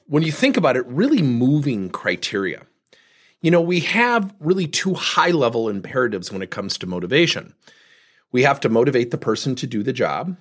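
A man's voice: mid-range voice, slightly rough. A man in his fifties hosting a podcast, telling coaching stories in a conversational way and acting out both sides of the dialogue. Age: 50s. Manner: animated storyteller, acts out both sides of dialogues. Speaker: podcast host and sales coach. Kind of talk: conversational storytelling.

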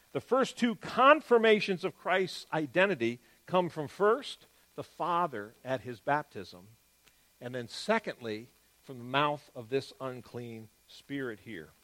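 Higher-voiced man teaching scripture. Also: a bit bright. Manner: explanatory, stresses key words, shifts between quick and slow phrasing. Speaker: Bible teacher. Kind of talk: Bible teaching monologue.

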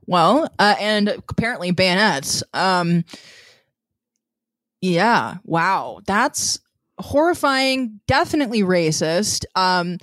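Missouri woman co-host, wry deadpan quips, careful hedging, dry close sound. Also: medium pitch, takes it slowly, no echo. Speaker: podcast co-host. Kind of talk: casual podcast chat.

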